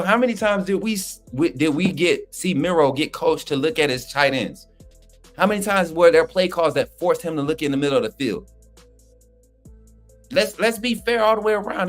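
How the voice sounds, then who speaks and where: A man co-hosting a livestream, talking sports in a fired-up, slangy, trash-talking way while reading chat. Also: fairly high pitch. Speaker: livestream co-host. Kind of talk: casual fired-up sports talk.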